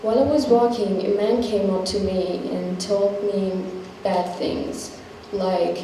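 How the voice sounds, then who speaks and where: A woman telling her own story in an earnest, measured way as a scripted stage testimony, recorded from a distance in an echoey hall. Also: mid-range voice, fairly even intonation, mellow. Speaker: performer sharing a personal story. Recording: echoey hall, distant mic, faint noise.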